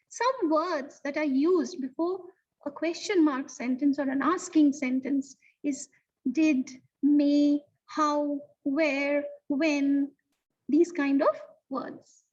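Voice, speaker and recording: High-voiced animated woman teaching children. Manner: animated, sing-song teacher talk with slow stressed words. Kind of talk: online lesson for young children. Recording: distant, dull lo-fi sound.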